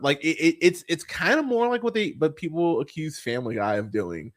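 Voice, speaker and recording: Brisk and animated, this young male podcast host has a slightly bright voice on the high side. He casually reviews bad movies with plenty of profanity and fillers, rambling, laughing often, and swooping into mocking voices.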